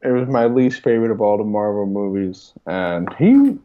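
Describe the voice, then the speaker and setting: A man's voice: on the low side, expressive, moderate pace, slight background noise. A man co-hosting a podcast, chatting casually about movies and his son, laid-back and swearing often. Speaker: podcast co-host. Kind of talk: casual movie review chat. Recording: dull lo-fi sound.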